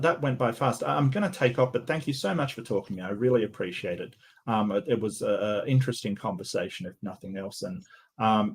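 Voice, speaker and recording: A man's voice: medium pitch, creaky, husky. A man with a Western Australian accent, a guest on an online call-in chat, who speaks with careful enunciation but halts on many fillers. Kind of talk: casual panel chat.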